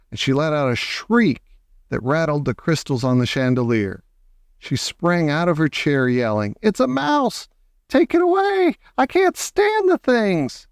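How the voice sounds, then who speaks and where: A man narrating a children's novel aloud in a steady storytelling manner. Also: mid-range voice, clear, resonant tone, dry recording, clean studio sound. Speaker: audiobook reader. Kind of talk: scripted narration.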